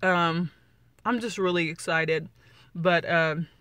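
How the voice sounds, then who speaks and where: Bright-voiced excited woman vlogging. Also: fairly low pitch, slow, smooth, no echo. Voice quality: slight lisp from new dentures. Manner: excited, chatty, many fillers. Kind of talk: casual vlog update.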